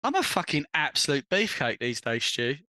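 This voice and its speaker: A man co-hosting a live podcast in casual banter, animated and teasing, laughing often and swearing. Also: on the high side, normal speed, no echo. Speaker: podcast co-host.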